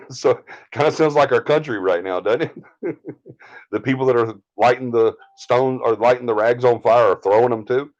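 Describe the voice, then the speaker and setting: A man's voice: mid-range voice, moderate pace, muffled recording. A man with a Southern US accent hosting a live stream, ranting in a heated, indignant way. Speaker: paranormal team leader, stream host.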